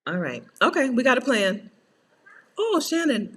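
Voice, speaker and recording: A woman's voice: sing-song, unhurried, a bit bright, slight background noise. A woman hosting a casual livestream, chatting with viewers and answering their comments, laughing often and playful. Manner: laughs often, playful, swings into high-pitched exasperated asides. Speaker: coach and channel host.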